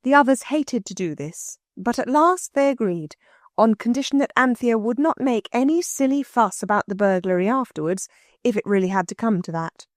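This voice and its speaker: A woman reads an audiobook as scripted narration, telling the story expressively at a normal pace. Her voice sits a little high, and the studio-quality recording is dry.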